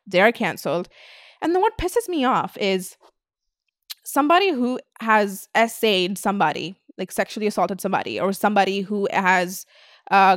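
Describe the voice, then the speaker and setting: A woman's voice: mid-range voice, no room sound. Young woman, podcast host, blunt casual rant, heavy swearing, dry close sound. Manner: blunt, swears a lot, animated.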